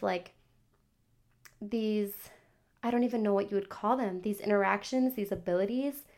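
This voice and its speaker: A woman's voice: mid-range voice, gravelly, darkish tone. A young woman hosting her own podcast talks in a loose, chatty storytelling way. She leans on "like" fillers and quotes whole conversations line by line. Her voice sits in a middle register for a woman. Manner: chatty, many "like" fillers, acts out child's replies. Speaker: podcast host. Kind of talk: casual storytelling to camera.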